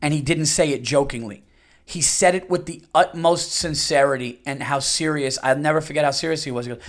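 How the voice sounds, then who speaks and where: A man's voice: a little high, fairly quick. Crude, rambling man hosting a podcast. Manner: blunt, crude and rambling, many fillers. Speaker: podcast host. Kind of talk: casual monologue.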